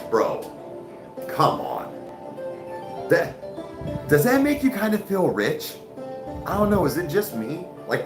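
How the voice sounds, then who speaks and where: Male stream host, casual and swearing, animated voice in a roomy space with music behind. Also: medium pitch. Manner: loose and profane, heavy on "like", "dude" and "bro". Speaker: livestream host. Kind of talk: casual chat reading viewer comments.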